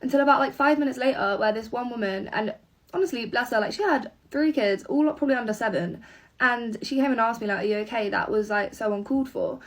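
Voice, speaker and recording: A woman's voice: fairly high pitch, brisk, distant mic. A young woman telling an indignant, sweary story in a casual vlog. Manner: indignant, swearing, animated retelling.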